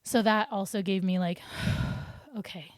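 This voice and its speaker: A woman's voice: mid-range voice, normal speed, darkish tone, dry recording, studio quality. A young adult woman telling a personal story on her podcast in a rambling, chatty way with many restarts. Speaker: podcast host.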